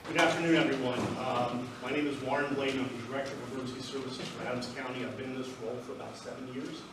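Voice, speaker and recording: A man's voice: mid-range voice, fairly even intonation, very fast. A man, director of county emergency services, giving a talkative, emphatic presentation to an audience at a community event. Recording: echoey hall from far off, noisy.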